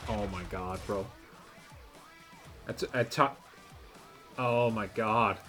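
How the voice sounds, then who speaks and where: A man's voice: on the low side, slow pace, a bit bright, faint music behind. A man giving gameplay commentary, swearing often and ranting in frustration at the game. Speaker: gaming channel host.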